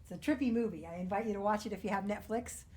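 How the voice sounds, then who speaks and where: Earnest woman minister, gentle spiritual talk. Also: medium pitch, racing. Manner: gentle, earnest, drops to soft near-whispers.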